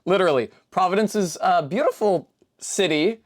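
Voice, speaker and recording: A young woman from Rhode Island, USA chats loosely on a live stream, her voice on the low side, expressive, and at normal speed. She jumps from tangent to tangent, curses casually, and pokes fun at herself. As viewers' messages come in, she reads them out and answers them.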